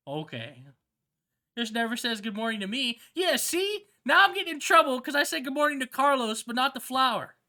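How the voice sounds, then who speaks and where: A streamer chatting casually with viewers on a live stream, slangy and excitable, swearing often and laughing a lot. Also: high-pitched, moderate pace. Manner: slangy, swears a lot, keeps saying "bro". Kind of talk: casual livestream chat with viewers.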